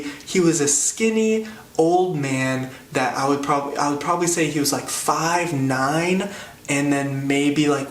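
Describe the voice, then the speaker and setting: A man tells a stand-up story, rambling and poking fun at himself with plenty of fillers. His voice sits at a middling pitch. It bounces around a roomy space, picked up from a distant mic over a faint background hum. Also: fairly bright tone. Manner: rambling, self-deprecating, filler-heavy. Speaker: comedian, storyteller.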